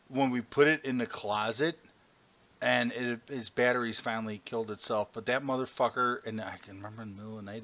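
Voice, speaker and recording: A man co-hosting a podcast, telling animated, profane stories in casual chat. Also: medium pitch, a little fast. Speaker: podcast co-host.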